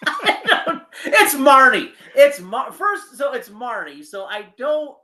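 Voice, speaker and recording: This podcast co-host has a very high-pitched, pushed, bright voice and speaks slowly but with great animation. He banters about football and food on a casual sports show, laughing a lot, cracking jokes and ranting playfully.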